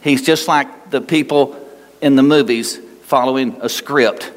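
A man preaching a sermon as pastor, animated and conversational, with asides. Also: mid-range voice, a little slow. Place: church sanctuary. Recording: long reverb of a large hall.

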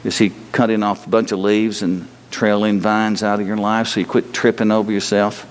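A man's voice: fairly low pitch, flat delivery, moderate pace, a little hiss or hum. Folksy male preacher in a reverberant hall. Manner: folksy, humorous, restarts, rising to bursts of emphasis. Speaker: pastor. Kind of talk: sermon. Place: church sanctuary.

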